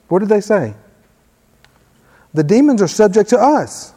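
A man's voice: high-pitched, big pitch swings, measured pace, long pauses, dark tone. A man preaching a sermon in a conversational way, reading scripture aloud with emphasis in a church hall. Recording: long hall reverb.

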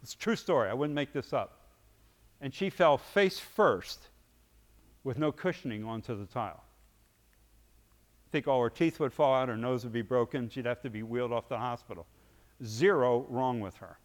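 A man preaching, telling a story vividly and acting out its scenes, his loudness swinging from hushed to booming. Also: normal speed, pauses often, long reverb tail. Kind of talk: sermon storytelling.

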